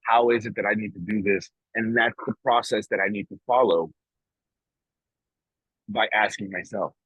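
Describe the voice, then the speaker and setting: A man's voice: on the low side, fairly even intonation, moderate pace, a bit bright, husky, dry recording, lo-fi sound. A man co-hosting a podcast, talking in a rambling, emphatic way and swearing casually as he chats. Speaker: podcast co-host. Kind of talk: casual morning chat.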